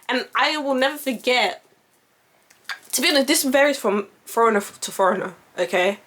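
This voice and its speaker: Young woman, native French speaker, casual rambling vlog storyteller, lively and expressive, plays out her quoted voices. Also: mid-range voice, fast. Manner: animated, swears freely, acts out quoted voices. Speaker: vlogger.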